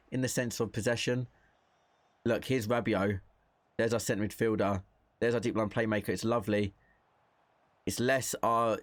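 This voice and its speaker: A young man with a lowish voice talks through a football game he is playing, in relaxed, chatty commentary. He thinks aloud as he goes and reacts to the moves on screen. The sound is dry and close, with no room around it. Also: dry recording. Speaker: gaming content creator. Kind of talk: casual gameplay commentary.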